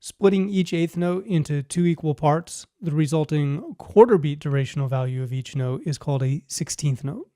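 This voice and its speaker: A man explains rhythm notation in a clear, measured teaching voice. His tone is mellow and sits a little high. The recording is dry and close, with no room sound. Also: lively intonation, no echo. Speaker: music teacher. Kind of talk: scripted instructional narration.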